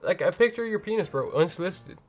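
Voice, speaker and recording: A man hosting a game stream from home, chatting loosely with his viewers. He rambles and stacks up casual fillers and slang as he goes, in a voice a touch higher than most men's, with quiet music playing in the background. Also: expressive, quick pace. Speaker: livestream host.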